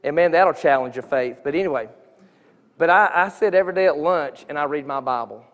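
Guy sharing his testimony at church, kinda high voice, big echoey sanctuary reverb. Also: a little fast, a bit bright. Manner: earnest, conversational, frequent restarts. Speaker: church speaker giving testimony. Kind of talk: informal sermon testimony. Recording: long reverb of a church hall.

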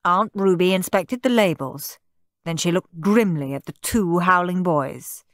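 A woman narrating a children's audiobook in an expressive, animated way. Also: fairly low pitch, measured pace, no echo, clean studio sound. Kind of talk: audiobook storytelling.

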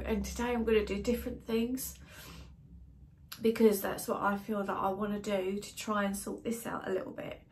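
Emotional British woman vlogger, mid-pitched, halting and hesitant, openly sad. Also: slight background noise. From Britain. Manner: hesitant, halting, many restarts and fillers. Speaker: wellbeing vlogger. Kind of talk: casual emotional vlog to camera.

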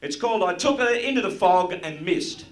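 An Australian stand-up comedian with a voice that sits high performs animatedly at normal speed, making crude, brash jokes at the crowd onstage. The roomy live recording carries audience sound and a little hiss or hum.

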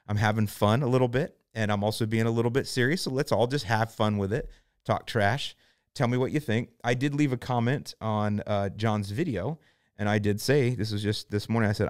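Laughing, low-voiced male podcast host. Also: smooth, no room sound, studio quality. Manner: playful, laughs often, rambling. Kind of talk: casual podcast talk. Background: faint music.

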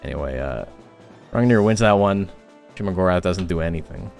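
A man with a lowish voice commentates on a game tournament stream, chatting loosely and filling pauses with "uh" and "like". Faint music plays under his talk. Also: expressive, gravelly, darkish tone. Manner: chatty, rambling, frequent filler words.

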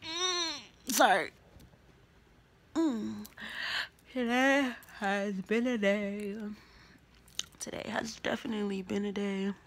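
Young woman vlogger, mid-pitched, gravelly fry, candid rambling storytime delivery. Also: takes it slowly, long pauses, a little hiss or hum. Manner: drifts between soft murmurs and louder bursts. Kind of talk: casual storytime vlog.

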